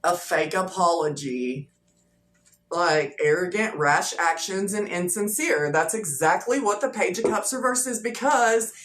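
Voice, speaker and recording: A woman's voice: fairly low pitch, animated, unhurried, fairly bright tone. A woman giving a casual, chatty tarot reading to her viewers, talking loosely with lots of fillers and repeats. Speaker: tarot reader. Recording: echoey room with faint noise.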